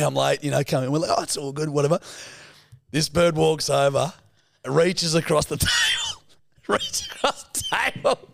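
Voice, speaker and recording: A man's voice: on the high side, gravelly, dry recording. An Australian man co-hosting a podcast, chatting casually with swearing and laughter. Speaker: podcast co-host. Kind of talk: casual chat.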